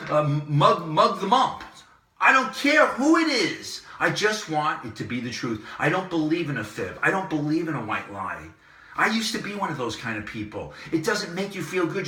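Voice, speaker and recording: A man hosting his own commentary channel, delivering an impassioned monologue that repeats phrases and swings between loud and soft. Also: fairly high pitch, roomy sound, far from the mic. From Southern California. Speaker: online commentary host.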